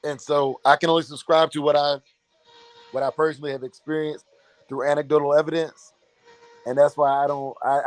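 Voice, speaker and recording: A man's voice: mid-range voice, no room sound. A man on a casual livestream, speaking earnestly and reflectively while stumbling over his words.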